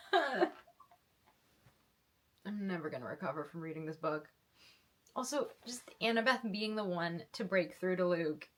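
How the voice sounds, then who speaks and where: A young woman reacts to a book she's reading in a casual vlog, gushing and emotional, repeatedly tripping over her words and starting again. Her voice is on the low side and expressive, unhurried, with long pauses.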